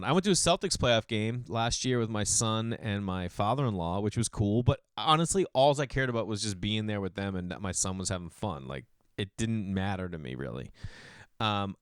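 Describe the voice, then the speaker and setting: Rambling man from Boston, smooth dry voice. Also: no room sound. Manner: rambling, animated, swings between loud acted-out voices and low mumbled asides; swears casually, calls listeners dude. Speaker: podcast host and comedian. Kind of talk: casual comedic monologue.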